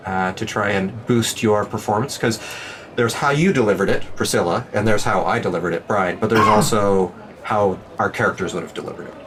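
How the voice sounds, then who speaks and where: Playful, laughing game master. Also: male voice, lowish voice, noisy background. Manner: playful, laughing, quick asides. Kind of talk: narrating a tabletop game.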